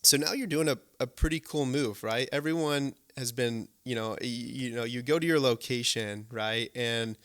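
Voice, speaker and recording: A man's voice: medium pitch, normal speed, hardly any pauses, fairly bright tone. Eager man hosting a podcast. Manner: enthusiastic, repeats words, many "right?" tags. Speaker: podcast host. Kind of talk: casual interview chat.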